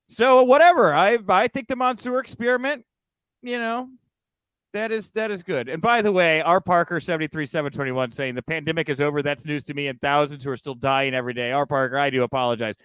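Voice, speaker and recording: Man, podcast host, casual chat, smooth voice, dry close sound. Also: fairly high pitch, a bit bright, dry recording. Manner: chatty, quick asides and laughs.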